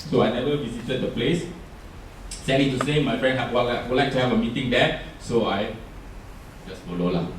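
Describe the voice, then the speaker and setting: Singaporean guy running a workshop, heard from far off in a really echoey room, faint hum behind. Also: mid-range voice. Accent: Singaporean English. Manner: chatty, asks the audience questions. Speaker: workshop speaker. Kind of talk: workshop presentation. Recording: roomy echo, distant mic.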